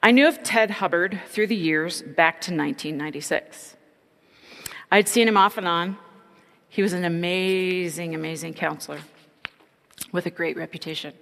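A woman's voice: on the low side, moderate pace, vocal fry, a bit bright, in a large hall. A middle-aged woman giving an earnest, reflective personal testimony.

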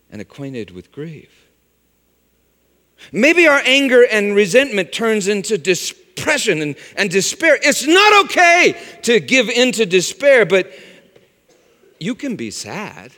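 Man, pastor, sermon, loud cries to hushed lows, long hall reverb. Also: wildly swooping pitch, takes it slowly. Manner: swings from loud exclaiming to hushed, low delivery.

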